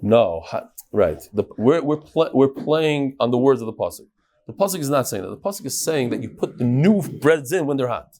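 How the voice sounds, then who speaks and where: A man teaching a lively Talmud class and talking straight to his students. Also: medium pitch, a little fast. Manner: animated, talks to the students. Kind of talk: lively Daf Yomi class.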